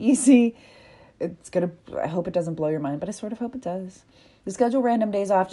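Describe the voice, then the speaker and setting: Woman doing a solo podcast, low-ish mellow voice, candid and swears a bit, acts out the panicky thoughts. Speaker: podcast host.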